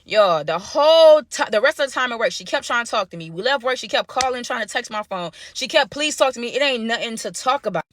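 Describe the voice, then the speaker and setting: Animated woman telling a dramatic story. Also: a little high, quick pace, hardly any pauses, a little hiss or hum. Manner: animated, dramatic, slangy, talks to viewers as "y'all". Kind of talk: casual storytime vlog.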